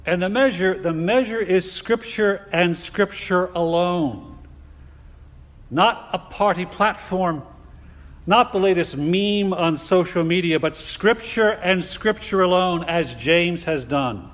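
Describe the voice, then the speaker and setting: Slow, emphatic male preacher in a reverberant hall. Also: high-pitched, fairly bright tone. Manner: deliberate, emphatic, with rhetorical questions. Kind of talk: sermon.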